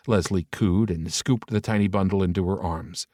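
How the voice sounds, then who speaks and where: A man narrating a romance audiobook in a steady, even reading style. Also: low voice, moderate pace, few pauses, no echo, studio quality.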